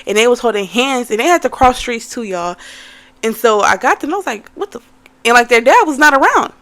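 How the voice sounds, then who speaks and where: A young woman telling a story in a casual vlog, animated and cursing, talking to viewers as y'all. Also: a little high, fairly quick. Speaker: vlogger.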